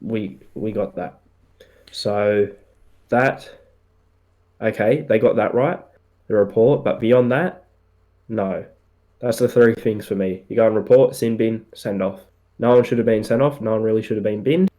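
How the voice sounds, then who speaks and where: A man co-hosting a podcast, giving firm opinions in relaxed casual chat with plenty of fillers. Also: on the low side, a little slow, pauses often. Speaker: podcast co-host.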